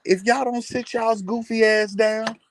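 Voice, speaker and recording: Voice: mid-range voice, steady tone, measured pace, a little hiss or hum. Blunt sarcastic live-stream ranter. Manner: sarcastic and mocking, repeats phrases for emphasis; blunt, swears freely. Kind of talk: ranting commentary.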